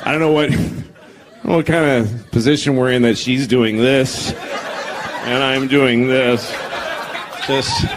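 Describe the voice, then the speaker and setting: A man in his forties performing a self-deprecating, deadpan stand-up comedy set on stage. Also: mid-range voice, unhurried, long pauses, background noise. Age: 40s. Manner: deadpan, self-deprecating, acts out bits in character voices. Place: comedy stage before a live audience. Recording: live set with loud crowd laughter.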